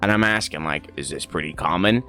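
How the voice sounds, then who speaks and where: A young man from Ireland tells a story on a livestream in a casual, animated way, swearing, laughing and acting out the people in it. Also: sits low, fairly quick. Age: young adult. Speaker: streamer.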